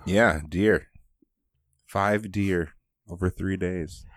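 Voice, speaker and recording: A man's voice: low voice, fairly even intonation, drawn-out words, no room sound, studio quality. A man co-hosting a casual chat, laid-back and teasing, reading out trivia questions.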